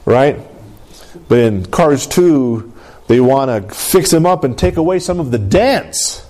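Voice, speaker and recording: A man's voice: mid-range voice, lively intonation, takes it slowly, mellow. A man preaching a sermon in a conversational way, often checking in with his congregation. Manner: conversational, keeps asking the congregation "Amen?". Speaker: pastor.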